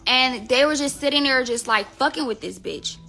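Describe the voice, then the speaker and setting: A woman with a bright, fairly high voice tells a story on a live stream. Her talk is casual, profane and rambling, packed with fillers. Faint music plays behind her. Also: expressive, moderate pace, gravelly. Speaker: livestreamer telling gossip.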